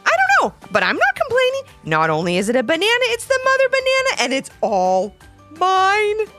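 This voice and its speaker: A woman voicing an excitable young male chimpanzee in a storybook, pleading and frantic. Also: extremely high pitch, brisk, faint music behind, voice pushed up, exaggerated voice. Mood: excited.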